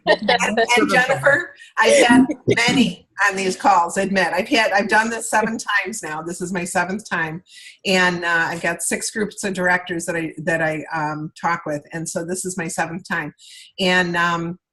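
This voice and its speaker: A woman's voice: lowish voice, steady tone, moderate pace, pushed and bright, rough recording. Chatty woman coaching over a video call. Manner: chatty, repeats herself, checks in with "okay?" and "all right?". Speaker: sales consultant training directors. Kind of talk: video call training talk.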